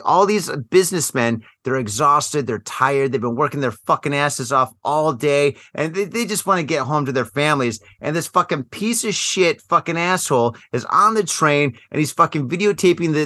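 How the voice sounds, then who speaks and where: A man co-hosting a casual news podcast, blunt and full of swearing. His voice is slightly high and bright, with a forceful edge. The recording is dry and close. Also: expressive, moderate pace, hardly any pauses, dry recording. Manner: profane, blunt storytelling. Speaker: co-host.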